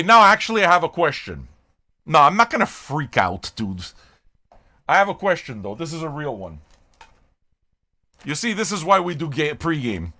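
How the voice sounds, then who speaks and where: An older Canadian man with a slightly high, sharp voice loosely chats with his live-stream audience. He's a music reaction streamer who rambles, swears, and jokes with the chat.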